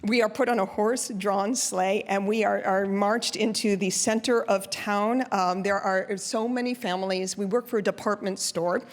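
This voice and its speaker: A woman telling a personal story on stage in a lively, chatty, expressive way. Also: medium pitch, moderate pace, few pauses.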